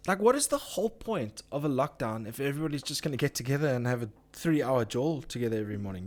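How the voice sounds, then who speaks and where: A man's voice: mid-range voice, lively intonation, fast, few pauses. A man hosting a casual live chat, ranting with swearing and reading out viewer comments. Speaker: live-stream host.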